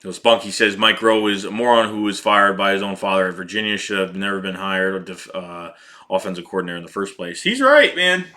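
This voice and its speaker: A man's voice: sits low, little pitch movement, fast, bright, forceful tone. Fired-up man ranting about football. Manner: heated, profane, repeats himself. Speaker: sports podcast host reading chat. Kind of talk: casual fan rant.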